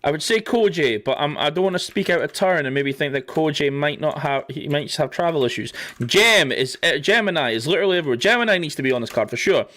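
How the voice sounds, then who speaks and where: A man's voice: on the high side, lively intonation, fast talker, fairly bright tone. A man hosting a casual livestream, rambling and swearing often, laughing as he talks. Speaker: livestream host.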